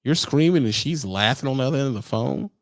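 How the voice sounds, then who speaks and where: A man's voice: mid-range voice, animated, fast, dry recording, clean studio sound. A man who trains truck drivers, ranting and lecturing in a casual vlog with slang, exasperated and preachy.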